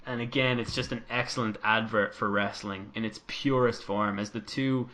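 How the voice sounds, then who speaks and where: A man's voice: lowish voice, moderate pace. A man co-hosting a podcast, narrating a made-up wrestling storyline in casual chat and acting out quotes. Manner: animated storytelling, acts out quotes in voices. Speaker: podcast co-host.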